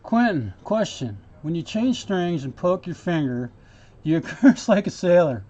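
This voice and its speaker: A man's voice: high-pitched, very animated, unhurried, dark tone. A man working as a guitar repair technician, thinking aloud and chatting casually with viewers as he works in his workshop. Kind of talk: casual workshop stream talk.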